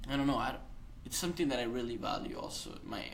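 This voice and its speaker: A young man from Italy with an Italian accent, a podcast guest who talks in an earnest, halting way and laughs often. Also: mid-range voice, creaky, slight background noise. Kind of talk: casual conversation.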